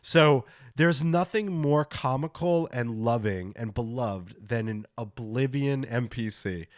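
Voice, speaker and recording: A man chatting on a gaming podcast, eager and rambling, his voice pitched in an ordinary middle range. The sound is dry and close, with no room echo. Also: takes it slowly. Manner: enthusiastic, rambling, reacting to clips. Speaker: podcast host. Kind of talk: casual gaming podcast chat.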